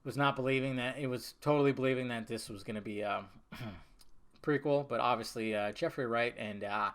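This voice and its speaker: A man hosting a podcast, answering viewer questions in a casual live chat with profane, animated rants. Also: medium pitch, moderate pace. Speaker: podcast host.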